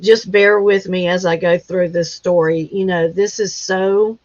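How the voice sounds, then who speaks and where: A woman hosting a casual livestream chat, talking in an emotional, halting way as she fights back tears. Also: on the low side, fairly even intonation, a little mellow. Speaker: livestream host. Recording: dull lo-fi livestream audio.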